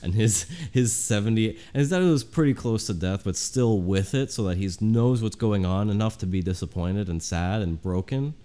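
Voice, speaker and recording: A man's voice: on the low side, normal speed, few pauses, warm tone. A man co-hosting a comedy podcast, chatting casually and rambling with lots of fillers. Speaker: podcast co-host.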